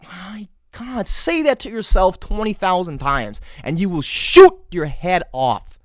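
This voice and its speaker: A man's voice: sits high, animated, unhurried, no echo, studio quality. A man hosting a solo podcast, ranting sarcastically with crude jokes and mock exasperation. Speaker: podcast host.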